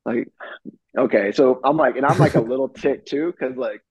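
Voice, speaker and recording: A man's voice: mid-range voice, normal speed, breathy edge, no room sound, highs cut off. A young man, a ballplayer guest, telling stories casually with lots of fillers, acting out the lines of the people in them, over a video call from his home studio. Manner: animated storyteller, acts out quoted exchanges, many fillers. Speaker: professional baseball pitcher, guest. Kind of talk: casual interview storytelling.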